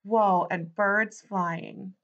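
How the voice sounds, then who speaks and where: A woman's voice: medium pitch, fairly even intonation, very slow, a bit bright, highs cut off. A woman voicing a bossy, playful male book character who exclaims and coaxes the listener into actions. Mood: eager.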